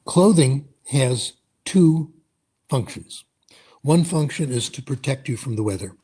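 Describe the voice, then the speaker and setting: Husky-voiced older man giving a lecture. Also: medium pitch, expressive, unhurried, warm tone. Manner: anecdotal, storytelling explanations. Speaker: conference presenter. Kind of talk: webinar lecture.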